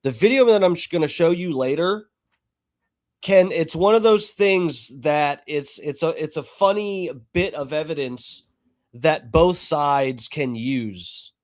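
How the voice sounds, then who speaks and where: In a fairly high voice and at a slow pace, a man hosting a live stream talks to his chat. His manner is casual, chatty and full of swearing.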